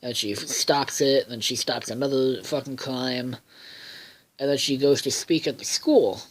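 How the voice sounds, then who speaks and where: A man's voice: medium pitch, moderate pace, low-quality recording. Rambling man recapping a cartoon episode. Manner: rambling, many fillers, swears freely; loses track and backtracks. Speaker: episode reviewer.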